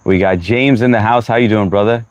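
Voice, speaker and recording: A young man from the US chats casually on a livestream, his voice sitting a bit low and recorded dry and close. He greets each viewer by name, slips in a few Hindi phrases, and admits he is running short on sleep. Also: fairly even intonation, brisk, no room sound. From United States. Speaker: livestream host.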